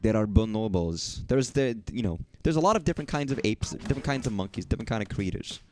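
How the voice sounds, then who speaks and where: At a quick pace and with an animated, medium-pitched voice, a young man from the southern US streams a let's-play, rambling, cursing, and joking around. Faint game music plays, along with slight background noise.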